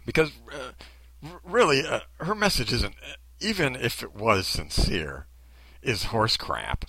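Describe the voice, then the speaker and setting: A man's voice: medium pitch, big pitch swings, measured pace, vocal fry, bright, forceful tone, rough recording. A man giving ranting commentary in a sarcastic, blunt way.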